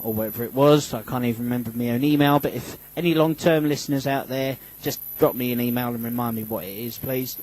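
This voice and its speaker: Poor audio captures a radio host with a mid-range, slightly mellow voice speaking quickly with hardly any pauses. On his casual show he rambles into the studio mic, full of fillers and restarts, joking in a self-mocking way.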